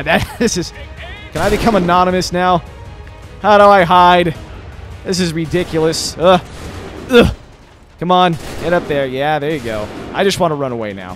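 Chatty young man narrating a game. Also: a little high. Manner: chatty, swears, reacts loudly to fights. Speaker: gamer doing a let's play. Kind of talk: casual gameplay commentary. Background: game music and gunfire.

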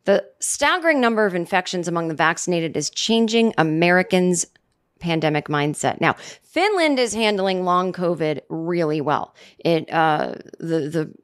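A woman in her forties hosting a comedy podcast, talking in a rambling, sarcastic monologue full of restarts, jumping up in pitch for mock quotes. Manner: rambling, sarcastic, self-interrupting, with many restarts. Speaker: podcast host.

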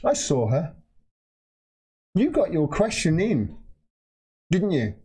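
An outraged man rants to his livestream audience, cursing freely and pressing every point with heat. His voice sits a little high and swings across a very wide range, dropping low in disgust, then shooting up in exasperation. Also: huge pitch swings, takes it slowly, mellow, husky. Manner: angry, profane, heated and emphatic. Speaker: political video commentator. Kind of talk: livestream rant.

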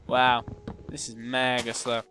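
A young gaming YouTuber talks through the game he's playing, chatty and self-mocking, humming and muttering to himself, with music playing behind. His medium-pitched voice is sharp in tone, completely flat in delivery, and slow-paced.

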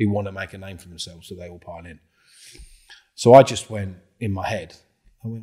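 A middle-aged man, a podcast guest telling a story in a casual, animated way, swearing freely and acting out the dialogue. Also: low voice, brisk, slightly rough.

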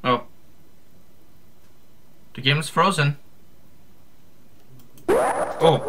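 A man playing through a creepy game and talking over it. His voice sits a bit high for a man and he talks at a slow, unhurried pace. He keeps exclaiming and breaks into yells at the scares, with the game's music clearly audible behind him. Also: animated, low-quality recording. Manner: jumpy, exclaiming and yelling at scares. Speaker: gamer playing a horror fan game. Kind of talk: let's play commentary.

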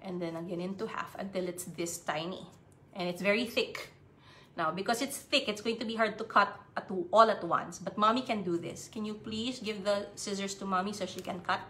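A woman with a Filipino accent teaching young children a paper craft in a cheerful, slow, sing-song way. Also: medium pitch, fairly even intonation, pushed and bright, a little hiss or hum. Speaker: preschool art teacher. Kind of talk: live-streamed craft lesson for children. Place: home on a live stream.

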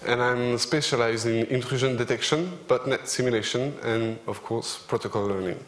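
A young man with a French accent giving a technical conference talk, relaxed and joking lightly with the audience. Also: medium pitch, moderate pace. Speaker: conference speaker. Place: large conference hall. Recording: echoey lecture hall with a faint hum.

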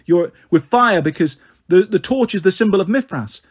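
A man voicing a clever, defiant teenage girl with a quick, confident, matter-of-fact delivery. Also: high-pitched, expressive, slightly rough. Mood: bluffing.

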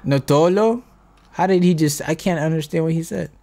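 Animated young American man vlogging. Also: a little high, moderate pace, a little hiss or hum. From United States. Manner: animated, laughing, swears freely. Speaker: YouTuber. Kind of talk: casual vlog talk.

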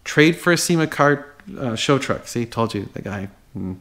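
A man's voice: mid-range voice, animated, moderate pace, a bit bright. A man who runs a car dealership, reading out buyer messages and reacting to them in a sarcastic, exasperated, blunt way. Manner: blunt and dismissive.

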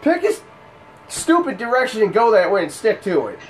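A man doing casual let's play commentary, full of swearing and excitable outbursts. His voice sits a little high and swings widely between loud yelps and low mutters. A faint hiss of noise sits under the recording. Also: brisk. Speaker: gameplay commentator.

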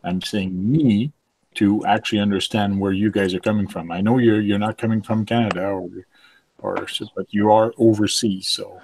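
A man's voice: on the low side, steady tone, moderate pace, a little mellow, a little hiss or hum, poor audio. A man whose first language is French, hosting a casual live stream and reading viewer comments aloud with many fillers. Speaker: livestream host.

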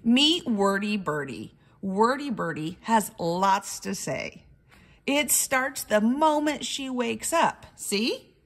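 A woman's voice: a little high, lively intonation. A woman teacher reading a picture book aloud to children, explaining as she goes and asking them questions. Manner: slow, explaining, asks the class questions.

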